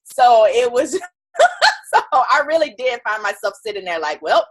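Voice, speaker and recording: Animated, husky-voiced woman telling her story. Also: a little high, normal speed. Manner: animated, chatty storyteller acting out quoted voices. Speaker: guest entrepreneur. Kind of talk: candid storytelling interview.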